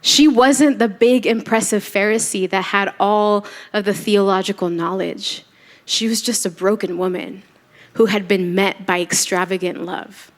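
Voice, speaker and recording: A woman's voice: medium pitch, steady tone, a little slow. A woman preaching a church sermon, telling a story casually and acting out the quoted voices. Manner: conversational storytelling, acts out quotes.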